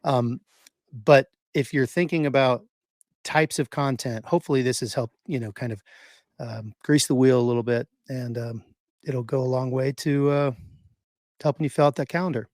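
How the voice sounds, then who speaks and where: A man's voice: medium pitch, fairly even intonation, moderate pace, a little mellow, dry recording, clean studio sound. A man co-hosting a casual podcast, giving advice with lots of fillers. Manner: rambling, many fillers. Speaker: podcast co-host.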